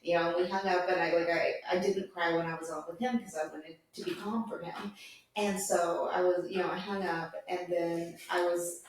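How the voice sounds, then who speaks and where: A woman's voice: fairly low pitch, normal speed, a little hiss or hum. A woman co-hosting a podcast, telling personal stories in casual chat and laughing often. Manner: animated storytelling, laughing often. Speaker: podcast co-host. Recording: echoey room, distant mic.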